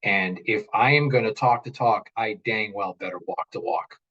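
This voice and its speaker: A man in his forties, a parent and interview guest, telling stories in an earnest, animated way and often repeating his words. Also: lowish voice, normal speed, lo-fi sound. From United States. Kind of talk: casual interview chat.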